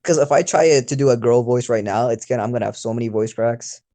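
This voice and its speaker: A teenage YouTuber chats loosely and giggles between his thoughts. He uses lots of fillers and speaks at an ordinary mid pitch. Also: fast, dark tone. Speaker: YouTuber co-host. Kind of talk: casual voice chat.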